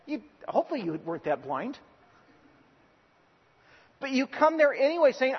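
High-voiced husky man preaching in a hall. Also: very animated, normal speed, long pauses. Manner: earnest, emphatic preaching with repeated restarts. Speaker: pastor. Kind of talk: sermon. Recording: dull lo-fi recording with long hall reverb.

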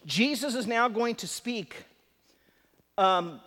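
Male preacher, fairly high voice, chatty but emphatic delivery, reverberant hall sound. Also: expressive, takes it slowly, bright, forceful tone. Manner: conversational and emphatic, with asides and chuckles. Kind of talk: live sermon teaching.

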